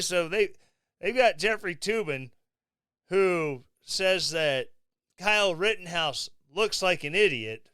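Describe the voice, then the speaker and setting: A man hosting his own podcast, giving sarcastic, mocking political commentary in a casual, animated way. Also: a little high, smooth, dry recording, clean studio sound. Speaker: podcast host.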